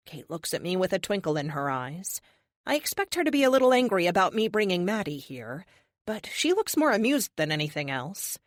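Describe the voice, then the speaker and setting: Woman audiobook narrator, first-person superhero novel, brisk and wry, lively, dry studio read. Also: lowish voice, no echo.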